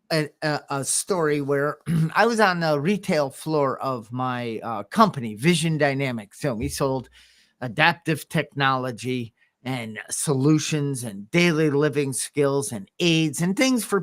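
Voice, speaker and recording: Male co-host, slightly high voice, halting storyteller with restarts. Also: a bit bright. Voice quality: visually impaired speaker. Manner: halting, restarts and throat clearing. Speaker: podcast co-host and coach. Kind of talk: casual storytelling chat.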